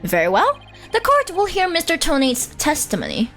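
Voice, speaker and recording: A woman's voice: high-pitched, wildly swooping pitch, moderate pace, fairly bright tone, soft background music, voice pushed up, heavily acted. A woman reading the lines of an older male judge in a formal courtroom manner. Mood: stern.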